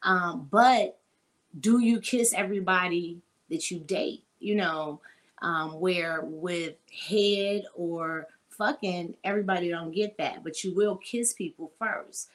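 Blunt low-voiced woman podcast host. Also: slow. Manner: blunt, explicit, quizzes her listeners. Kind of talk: casual frank talk with listeners.

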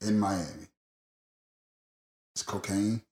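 A man's voice: deep voice, takes it slowly, roomy sound. A man telling a long rambling story in casual podcast chat, laughing often and swearing freely. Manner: rambling, laughing, profane, animated.

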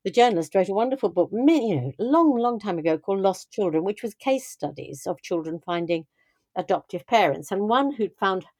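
An older woman speaks in a warm, mellow voice, recorded dry and close. She tells her stories thoughtfully, circling back with restarts and "you know" as she talks about raising children. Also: mid-range voice, animated, a little fast, dry recording. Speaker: guest speaking on parenting. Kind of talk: reflective conversational storytelling.

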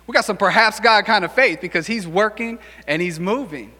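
A male pastor giving a casual, animated sermon and acting out quick voices for the people in the story. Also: sits high. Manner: animated, acts out quick voices for biblical figures. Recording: long hall reverb.

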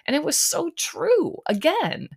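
A woman's voice: high-pitched, huge pitch swings, measured pace, vocal fry. A woman hosting a podcast, giving a chatty, opinionated recap of a reality dating show with lots of ums and likes. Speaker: podcast host.

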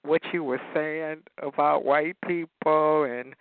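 A woman calling in to a talk program, speaking in an excitable, effusive way. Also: sits low, slow pace, dry recording. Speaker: caller. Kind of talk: call-in talk. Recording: tinny phone line.

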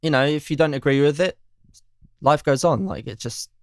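A man's voice: fairly high pitch, normal speed, no echo, clean studio sound. A man speaking as a guest on a casual podcast, earnest and agreeable, dropping "like" often.

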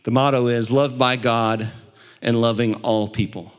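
A man preaching a sermon as pastor, building to impassioned peaks and dropping to quiet, low stretches. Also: steady tone, a little slow, clean tone. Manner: impassioned preaching, swelling louder and higher at peaks.

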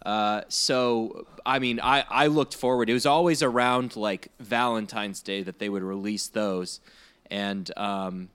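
A man's voice: fairly low pitch, steady tone, measured pace, fairly bright tone, smooth. A man in casual podcast chat, talking earnestly with many fillers and repeated phrases.

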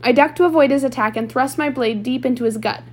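A woman's voice: sits high, quick pace. A woman reading a novel aloud chapter by chapter, with small slips and restarts. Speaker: audiobook reader.

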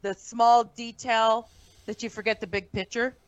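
A woman comedian telling a story on a casual podcast. She is animated and profane, and she acts out the quotes in her story. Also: on the high side, measured pace, clean tone, dry recording, highs cut off. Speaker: comedian guest.

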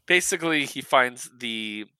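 Lively, bright-voiced male podcast host. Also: medium pitch, a little slow, smooth, dry recording. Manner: animated storyteller, laughs often. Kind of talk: casual chat recapping comics.

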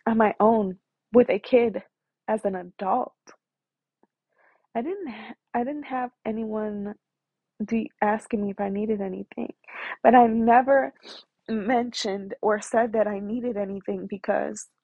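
A young woman in her twenties shares her own story in loose, heartfelt talk full of slang and fillers. Her voice is gravelly and husky, with a rough edge. The recording is dull and dry, with no room sound. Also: fairly high pitch, no room sound. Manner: emotional, candid, filler-heavy slang. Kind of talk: casual personal storytelling.

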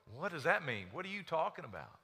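A man's voice: fairly high pitch, sing-song, a little fast, bright, forceful tone, slightly rough. A man preaching a sermon as pastor, acting out the people he quotes. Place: church sanctuary. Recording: reverberant church hall.

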